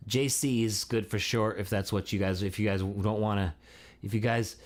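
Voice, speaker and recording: A man's voice: on the low side, steady tone, moderate pace. A man who is a singer hosting a live stream, chatting casually with viewers in a laid-back, chatty way and laughing often.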